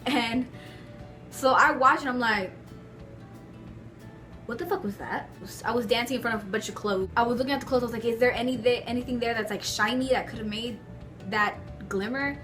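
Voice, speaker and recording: Young woman, vlogger, high-pitched, casual storytelling, lots of "like", faint background music. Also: brisk. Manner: chatty, animated, many filler likes. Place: her bedroom at home.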